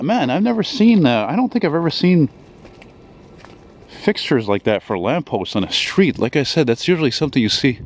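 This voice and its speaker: A man strolls a city street, filming himself on a handheld camera and chatting in a loose, rambling way, swearing casually and padding his talk with fillers. His voice sits at an ordinary middle pitch. Faint traffic hums in the background. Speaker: vlogger. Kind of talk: casual walking vlog.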